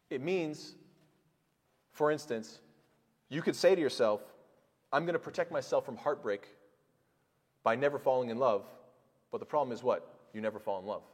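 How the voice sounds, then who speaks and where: A man's voice: medium pitch, brisk, pauses often, darkish tone, in a large hall. A man giving an earnest sermon, telling stories and asking rhetorical questions. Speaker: imam.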